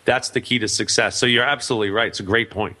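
Bright-voiced upbeat radio host, man. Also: lowish voice, fairly even intonation, fast. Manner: upbeat, affirming, laughs along. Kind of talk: casual radio interview.

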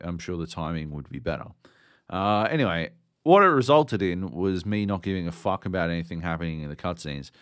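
A man's voice: fairly low pitch, fairly bright tone, clean tone, no echo, studio quality. A man co-hosting a podcast, ranting sardonically and swearing constantly in casual chat. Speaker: podcast co-host.

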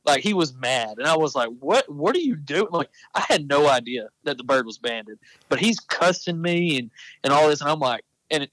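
This Texan apparel company founder rambles through hunting stories as a podcast guest, correcting himself as he goes. His voice is mid-range and a touch bright. The audio is rough but has no echo.

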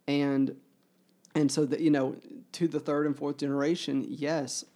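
A man in an earnest book discussion, talking in halting bursts full of fillers and restarts. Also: fairly high pitch, level tone, mellow. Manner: grows emotional while reading aloud.

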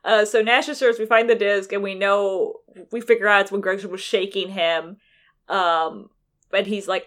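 A woman chatting casually, recapping a story game with quick, animated acted-out lines and frequent laughter. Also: medium pitch. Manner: animated, laughing, acts out characters in quick voices. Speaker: podcast co-host recapping a game. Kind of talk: casual chat.

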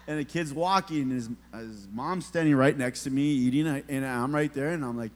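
A man's voice: mid-range voice, lively intonation, moderate pace. A middle-aged man preaching a sermon in a church, telling a story with humor and talking straight to the congregation. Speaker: pastor. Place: church sanctuary. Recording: long hall reverb.

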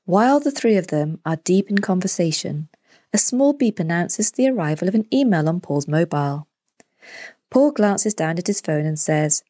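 A woman narrating a children's story as the storyteller, in a clear and deliberate way. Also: on the low side, animated, mellow, no room sound, clean studio sound.

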